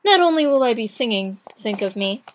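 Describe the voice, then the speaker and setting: A woman's voice: on the high side, lively intonation, fairly quick. A young woman chatting casually in a video blog, retelling her day with many restarts and acted-out quotes. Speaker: vlogger. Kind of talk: casual chat.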